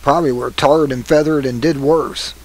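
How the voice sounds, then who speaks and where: An American man giving an angry political rant, indignant and halting, stumbling over his words. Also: mid-range voice, steady tone, rough recording. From United States. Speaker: political commentator.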